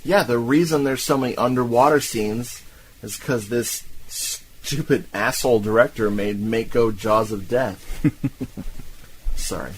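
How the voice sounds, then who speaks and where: A man from Tampa co-hosts a casual podcast, retelling a bad movie with animated, profane glee and frequent laughter. His voice sits at an ordinary middle pitch over a faint background hiss. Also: measured pace, rough recording. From Tampa, Florida. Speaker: podcast co-host. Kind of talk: casual movie-recap chat.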